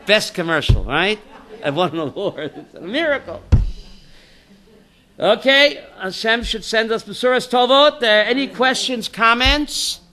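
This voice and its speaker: A man whose voice sits high speaks a little slowly while teaching an informal Torah class as a rabbi. He's an animated storyteller, telling stories with jokes and acting out the quotes.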